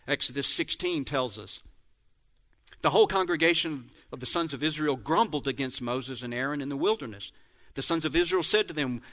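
A Bible teacher reads scripture verses aloud and explains how they compare, occasionally correcting himself mid-reading. His voice is on the high side, bright and forceful.

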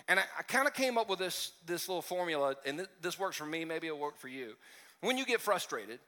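A male pastor with a high, pushed, bright voice gives a conversational sermon in a church sanctuary's large hall. Self-deprecating, he jokes with his congregation and stumbles through frequent restarts and asides.

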